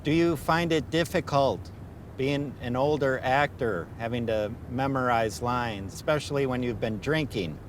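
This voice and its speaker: A man doing a deadpan Upper Midwest energy vampire. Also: mid-range voice, normal speed, a little hiss or hum, close to an everyday voice. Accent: Upper Midwest American. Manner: flat, deadpan, dry questions.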